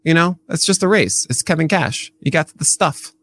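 Man, baseball podcast co-host, playful, teasing, slightly high voice, dry sound. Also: moderate pace, fairly bright tone, dry recording. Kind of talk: casual baseball chat.

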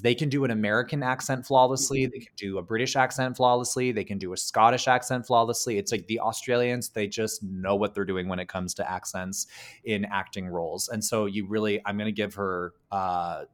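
Guy co-hosting a movie podcast, lowish voice, says like and um a ton, swears here and there. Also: moderate pace, fairly bright tone. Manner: chatty, heavy on "like" and "um", casual swearing. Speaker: podcast co-host. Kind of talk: casual film discussion.

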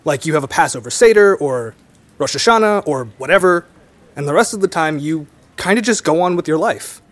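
A man's voice: on the high side, lively intonation, brisk, a bit bright. A young man speaking in reflective conversation, thoughtful and a little hesitant. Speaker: storyteller guest.

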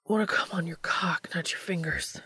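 A woman voicing an eager, flustered young adult man who talks in breathy, urgent whispers. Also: fairly low pitch, moderate pace, sharp tone, dry recording, heavily acted. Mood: pleading whisper.

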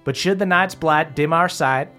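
A game master voicing a brisk woman who leads a rhyming oath with firm, rhythmic recitation. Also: medium pitch, sharp tone, faint music behind, natural voice. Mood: ceremonial.

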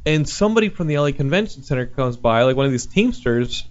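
A man hosting a podcast, telling convention stories in casual chat, acting out the people he quotes in loud voices. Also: mid-range voice, expressive, quick pace, lo-fi sound. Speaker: podcast host.

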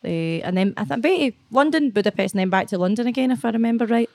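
A woman's voice: a little high, lively intonation, racing, darkish tone, no room sound, clean studio sound. A young Scottish woman chatting as an interview guest, blunt and sweary, laughing often. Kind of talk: casual interview chat.

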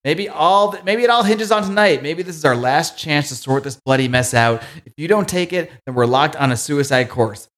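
A man's voice: fairly high pitch, lively intonation, normal speed, few pauses, a bit bright. A man voicing a grim male masked vigilante, reading his lines in an earnest, pleading tone.

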